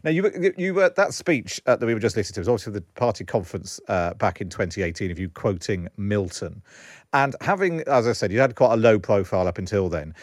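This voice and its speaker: A man from the West Country hosting a podcast in a chatty, joking way, his voice a little low. The studio sound is close and dry, with no room echo. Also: animated, fast. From West Country, England. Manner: chatty and jokey. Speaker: podcast host. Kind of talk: conversational podcast presenting.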